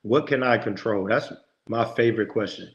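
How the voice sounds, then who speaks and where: Homme au ton emphatique de prédicateur, son un peu étouffé. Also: male voice, on the low side, normal speed, muffled recording. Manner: emphatic, preachy, lots of quoted self-talk. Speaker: podcast guest, motivational speaker. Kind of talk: conversational interview talk.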